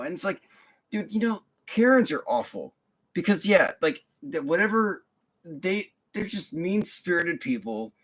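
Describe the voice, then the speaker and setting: A man's voice: sits high, sing-song, measured pace, fairly bright tone. A young man telling a work story in a casual, profane, rambling rant full of fillers and restarts. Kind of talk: casual ranting monologue.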